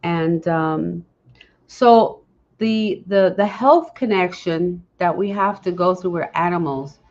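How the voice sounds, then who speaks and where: A woman's voice: fairly low pitch, takes it slowly, a little mellow, muffled recording. A woman hosting a casual podcast, talking earnestly to listeners and often breaking off and restarting her sentences. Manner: earnest, speaks straight to listeners with questions. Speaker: podcast host. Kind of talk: casual unscripted podcast talk.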